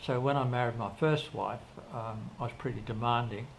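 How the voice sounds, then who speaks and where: An older man with a gravelly, creaky voice recounts his life in a loose, rambling way, acting out both sides of old conversations. He restarts sentences often and circles back as he goes. A faint hum of background noise sits under the recording. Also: mid-range voice, fairly even intonation, a little fast. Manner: rambling, with frequent restarts and quoted dialogue. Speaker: interview guest. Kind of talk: casual storytelling in an interview.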